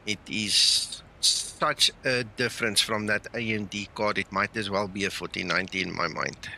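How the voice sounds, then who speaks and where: A man hosting a flight simulator live stream, chatting loosely and talking himself through each step. His voice has a gravelly edge and a very bright, forceful tone. A faint hiss of noise sits under the talk. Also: on the low side, fairly even intonation, moderate pace, rough recording. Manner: chatty, thinks aloud while flying. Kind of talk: casual live-stream chat.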